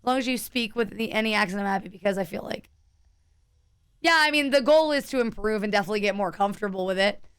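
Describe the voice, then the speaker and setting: A woman's voice: mid-range voice, fast talker, a bit bright, clear, resonant tone. A young woman streaming a game, chatting casually and answering her viewers as she plays. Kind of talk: casual live-stream chat while gaming.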